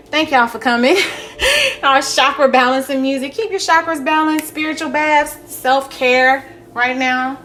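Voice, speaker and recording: A woman's voice: high voice, a little slow, bright, forceful tone, faint music behind. A young woman, talking bluntly and profanely in a candid vlog monologue, laughing often. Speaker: spiritual vlogger.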